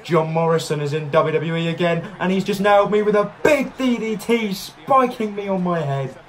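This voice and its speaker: A man giving excitable let's-play commentary, narrating each move and reacting loudly as he plays. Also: high voice, moderate pace. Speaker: gaming YouTuber.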